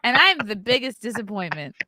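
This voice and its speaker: A woman's voice: on the high side, sing-song, fairly quick, pushed and bright, dry recording, clean studio sound. A woman guest on a podcast, chatting casually and joking. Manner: chatty, laughs easily, speculative. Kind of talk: casual comedic chat.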